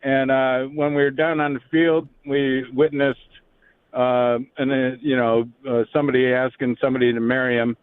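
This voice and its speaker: A man calling in to a sports radio show, telling his story haltingly with lots of ums and uhs. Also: mid-range voice, flat delivery, smooth, no echo. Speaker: radio caller. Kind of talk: phone-in call to a radio show. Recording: tinny phone line.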